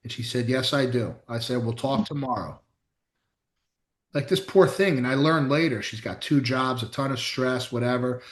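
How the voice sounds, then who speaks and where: A middle-aged man speaks at medium pitch and a moderate pace while co-hosting a casual podcast chat. A chiropractor by trade, he tells blunt, emphatic stories with mild swearing, and the room is echoey.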